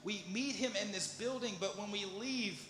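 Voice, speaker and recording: A man preaching a sermon, moving from soft, low musing to loud, pleading questions. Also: normal speed. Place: church sanctuary. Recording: echoey church hall with music behind. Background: instrumental music.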